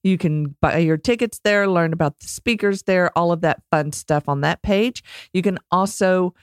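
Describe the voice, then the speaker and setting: A woman's voice: fairly low pitch, moderate pace, no echo, clean studio sound. Chatty Texan woman podcast host. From Texas. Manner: chatty and candid, self-deprecating. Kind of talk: casual solo podcast talk.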